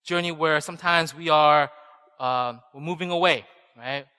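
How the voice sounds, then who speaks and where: A man's voice: fairly high pitch, moderate pace, pushed and bright, clear, resonant tone. A man in his thirties preaching a conversational sermon, telling personal stories and often checking in with "right?". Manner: chatty storytelling, often asks "right?". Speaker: pastor. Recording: long reverb in a church hall.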